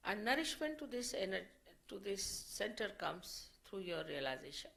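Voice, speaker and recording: A woman speaking as a spiritual teacher, giving an unscripted lecture in a slow, measured way and often repeating her phrases. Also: mid-range voice, very animated, gravelly, a bit bright, rough recording.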